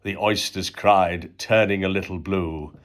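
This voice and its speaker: A man reading a storybook poem aloud, slow and expressive with dramatic pauses. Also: low voice. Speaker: reader.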